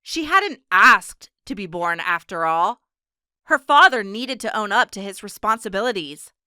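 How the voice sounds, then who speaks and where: A woman narrating an audiobook in a steady, measured storytelling manner. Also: mid-range voice, clean tone, dry recording, studio quality. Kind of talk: scripted narration.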